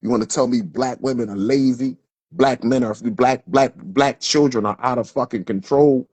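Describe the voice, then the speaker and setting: A man's voice: mid-range voice, moderate pace, darkish tone, dry recording. A man delivering a heated, profane livestream rant from Philadelphia, stumbling over repeated words as he builds up. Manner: profane, fiery, repetitive, stammering restarts. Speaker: livestream host.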